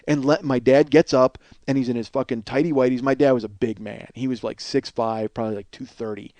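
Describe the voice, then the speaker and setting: A man in his forties hosting a podcast, telling a comic story from his childhood in an animated, profane way. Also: fast talker, hardly any pauses, no echo. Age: 40s. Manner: animated, profane, acts out voices with big pitch swings. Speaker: podcast host.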